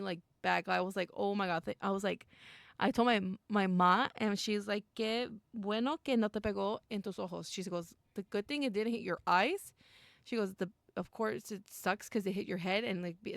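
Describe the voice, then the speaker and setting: Excitable young woman with gravelly fry. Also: mid-range voice, normal speed, no room sound, clean studio sound. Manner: excitable, gasps and squeals at scary moments, mixes in Spanish. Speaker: streamer playing a visual novel. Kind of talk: reading game text aloud with reactions and chat.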